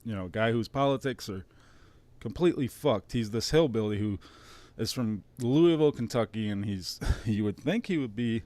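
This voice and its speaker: A man's voice: medium pitch, normal speed, a little mellow, dry recording. A man in his thirties with a Detroit-area accent, hosting his own stream in a casual, rambling monologue, sarcastic and profane with mock-emotional asides. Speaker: streamer host.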